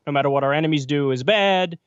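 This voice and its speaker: A man's voice: fairly high pitch, fast, smooth, no echo, muffled recording. A man giving blunt, sardonic political commentary on election night, joining the show remotely. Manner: blunt, sardonic, quotes politicians in mock voices.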